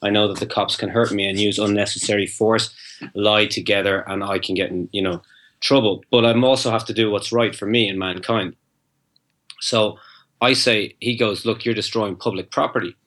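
A fairly low-voiced man spins a long rambling anecdote in an interview, quoting both sides of a conversation. He restarts his sentences often and keeps the story rolling, as a guest talking to a host. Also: fairly even intonation, moderate pace, fairly bright tone. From Ireland. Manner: rambling anecdote with acted-out dialogue, frequent restarts.

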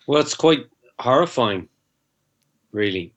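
A man's voice: mid-range voice, animated, slow pace, fairly bright tone. A man, a guest in an interview, telling a long rambling anecdote and acting out the dialogue, with frequent restarts. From Ireland. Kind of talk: interview storytelling.

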